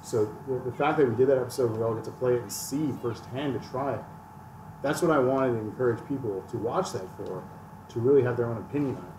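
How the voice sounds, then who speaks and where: A man's voice: medium pitch, fast talker. A man chatting casually on a gaming podcast, ranting and joking about himself. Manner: ranting, self-mocking. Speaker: podcast host. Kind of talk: casual chat. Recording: echoey room, distant mic, faint noise.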